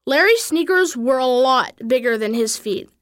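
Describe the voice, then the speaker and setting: Lively woman reading a children's story. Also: sits high, moderate pace, clean tone, dry recording, studio quality. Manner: expressive, animated storytelling. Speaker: reader. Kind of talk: children's story read-aloud.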